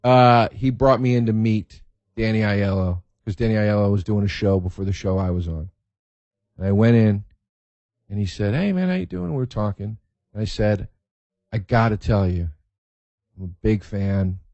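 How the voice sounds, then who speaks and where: A man hosting a podcast, telling stories in a casual monologue, swearing freely and quick to get excited. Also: lowish voice, no echo, muffled recording. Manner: profane, excitable storyteller. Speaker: podcast host.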